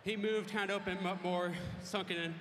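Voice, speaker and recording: A man giving a quiet, brief, low-key post-fight interview. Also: steady tone, fairly quick, big-room sound, noisy background. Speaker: winning fighter.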